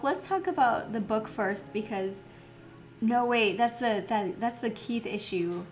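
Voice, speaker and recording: A woman chatting casually as she plays through a story game, reflective and quick to laugh. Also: on the high side, animated, faint music behind. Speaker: let's play host.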